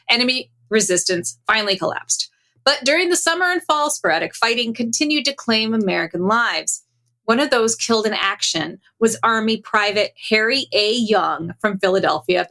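A woman hosting a comedy podcast, casually recapping a story with laughs and animated retelling. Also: fairly high pitch. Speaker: podcast host.

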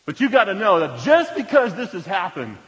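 A man's voice: high-pitched, big pitch swings, a little fast, fairly bright tone, pitched above the performer's own voice. A pastor quoting a cheerful, defiant agnostic man. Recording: reverberant hall, dull lo-fi sound.

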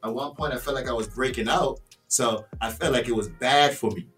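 Animated, swearing man on a podcast. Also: medium pitch, a little fast, far from the mic, soft background music. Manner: animated, swearing, rhetorical questions. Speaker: podcast guest. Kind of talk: casual podcast interview.

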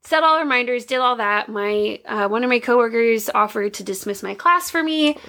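A woman's voice: on the high side, animated, a little fast, sharp tone. A young woman co-hosting a podcast, telling stories in a chatty, laughing way. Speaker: podcast co-host. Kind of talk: casual chat.

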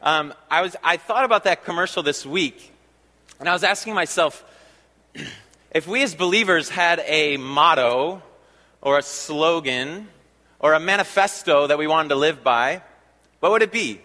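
A man giving a sermon as a pastor, talking conversationally with fillers and slowing down to stress key phrases. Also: on the high side, sharp tone. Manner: conversational preaching with fillers and slow emphatic repeats. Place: church sanctuary. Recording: long reverb of a large hall.

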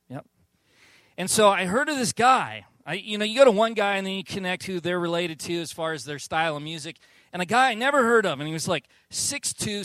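A man preaching a sermon as a pastor, telling stories with animated, acted-out quotes. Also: on the high side, dry recording. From Southern California. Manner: animated storytelling, acts out quotes.

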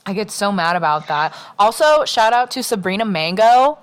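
A woman's voice: medium pitch, lively intonation, moderate pace, clear, resonant tone. A young woman co-hosting a podcast in casual chat, blunt and sweary, laughing often and acting out what others said. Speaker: podcast co-host.

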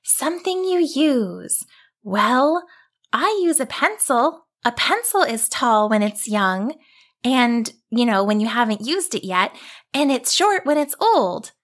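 A woman voicing a high, eager young girl. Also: big pitch swings, slow, a bit bright, heavily acted. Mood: thoughtful. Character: bold, cheerful young girl.

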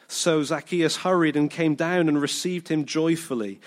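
A man's voice: fairly high pitch, moderate pace, few pauses. A British man preaching a sermon, telling the story with energy, acting out the people he quotes and now and then tripping over repeated words.

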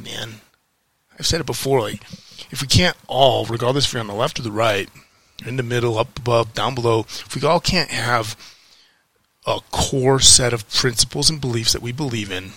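A fired-up man vents straight to the camera, cursing and repeating himself for effect. His voice is very bright and edged with rasp, and it sits dry and close to the mic. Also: medium pitch, no echo. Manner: heated, swearing, repeats phrases, emphatic pauses. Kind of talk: frustrated political rant to camera.

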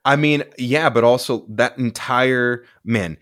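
He's a young podcast co-host reviewing movies in an easygoing, wandering way, leaning heavily on "dude" and "like." His medium-pitched voice is slightly bright and unhurried, captured in studio quality with no room sound.

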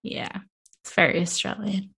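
A woman co-hosting a podcast in casual chat, animated and giggly, with many fillers. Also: mid-range voice, normal speed, husky. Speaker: podcast co-host.

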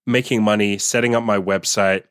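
A man's voice: fairly low pitch, fairly even intonation, normal speed, clean tone, no echo, studio quality. A man hosting a podcast, talking in a blunt, profane casual monologue and laughing often. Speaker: podcast host.

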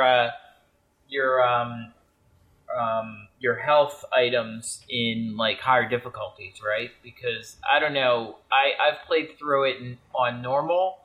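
A man's voice: medium pitch, a bit bright, rough recording. A man co-hosting a casual podcast, rambling through his thoughts with lots of "like" and "uh". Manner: rambling, many "like" and "uh" fillers. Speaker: podcast co-host. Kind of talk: casual chat about a video game.

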